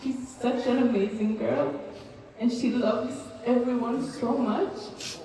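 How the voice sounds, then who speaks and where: A woman's voice: fairly high pitch, steady tone, takes it slowly, mellow. Nervous young woman giving a toast. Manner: nervous, tearful, laughing between words. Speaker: cousin giving a birthday speech. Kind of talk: emotional birthday toast. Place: large hall at a party. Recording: echoey hall, mic far off, crowd noise. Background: party crowd.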